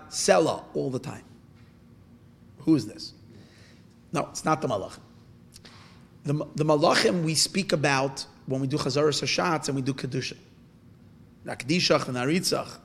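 A man teaching a Torah lesson through a story. He talks in a halting way with frequent restarts, and he asks questions and then answers them himself. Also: on the high side, animated, creaky, a bit bright, slightly rough.

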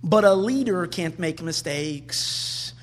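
A man giving an animated Torah class, driving his points home with rhetorical questions and repeated phrases. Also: on the high side, takes it slowly. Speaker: Torah teacher.

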